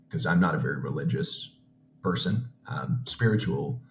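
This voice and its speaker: Podcast guest: very low-voiced man, earnest personal storyteller, recorded in an echoey room. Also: expressive, vocal fry, a little hiss or hum. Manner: earnest, halting, frequent restarts. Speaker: podcast guest, business owner.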